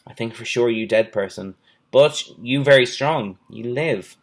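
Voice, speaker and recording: A man's voice: mid-range voice, a little slow. A man reading a storybook aloud, voicing an old, wary male island hermit who speaks in clipped, broken English. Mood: earnest. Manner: clipped broken English, plain short phrases.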